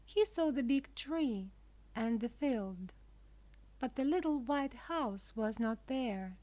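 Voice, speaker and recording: Reading a children's storybook aloud for English learners, this woman speaks very slowly and deliberately, making every word clear. Her somewhat high voice has an expressive, warm tone, and the narration uses simple phrasing.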